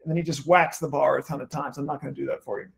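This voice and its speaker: A man's voice: medium pitch, steady tone, very fast, gravelly. A male author reading from his own book at a bookstore event, adding wry asides. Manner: wry asides between read passages.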